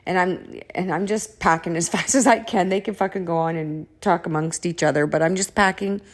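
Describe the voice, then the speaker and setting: A woman's voice: on the low side, brisk. A woman vlogger telling a personal story in a casual monologue, blunt and exasperated, swearing freely. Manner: blunt and profane, frequent swearing; exasperated, animated delivery with restarts.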